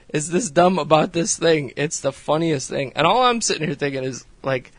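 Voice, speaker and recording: A man's voice: a little high, expressive, moderate pace, dry recording. A man hosting a podcast, casually recapping a reality show in a rambling way, laughing often and swearing freely. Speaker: podcast host.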